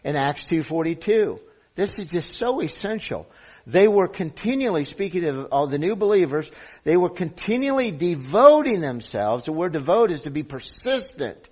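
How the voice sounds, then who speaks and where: A man's voice: on the high side, sing-song, moderate pace, slightly rough. A middle-aged man preaching a sermon as pastor, earnest and building to emphatic peaks.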